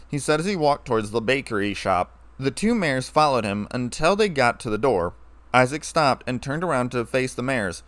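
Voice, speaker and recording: Guy reading fanfic out loud, plain steady voice, dry close mic. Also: mid-range voice, normal speed, dry recording. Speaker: narrator. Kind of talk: fan fiction reading.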